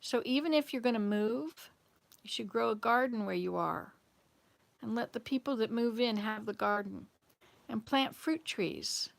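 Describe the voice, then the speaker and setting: A woman's voice: on the high side, expressive, a little slow, creaky. A woman from the Southern United States hosting, telling a story in a casual, rambling, digressive way. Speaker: host.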